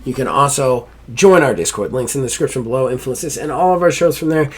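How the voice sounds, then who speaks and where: Man, podcast host, casual chat, medium pitch, upbeat, casual swearing. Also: lively intonation, fast talker, slightly rough.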